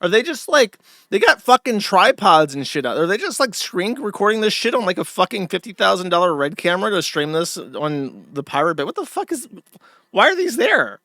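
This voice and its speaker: A man's voice: sits high, very animated, fairly quick, pushed and bright, dry recording, clean studio sound. A man hosting a live stream, delivering sardonic and profane commentary. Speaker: streamer host.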